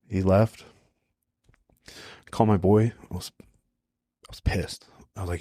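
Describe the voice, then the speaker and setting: A young adult man with a low voice tells his stories in a casual, laid-back way, checking in with "right?" as he goes. The sound is close and dry, with no room around it. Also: level tone, fast, a little mellow, no echo. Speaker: podcast guest. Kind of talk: casual storytelling.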